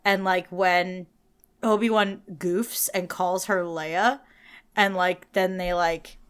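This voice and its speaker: A woman with a New Jersey accent co-hosting a podcast in casual chat, animated and laughing, acting out little quotes. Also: on the low side, slow pace, smooth. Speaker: podcast co-host.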